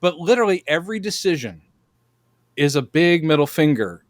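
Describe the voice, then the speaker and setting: A man hosting a casual podcast chat, opinionated and animated as he tells stories, on a close podcast mic. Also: fairly high pitch, normal speed, no echo. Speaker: podcast host.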